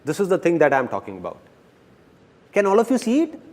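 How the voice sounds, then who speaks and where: A man giving a motivational talk to a live audience, animated and playful, repeating his key lines. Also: high voice, quick pace. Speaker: motivational speaker.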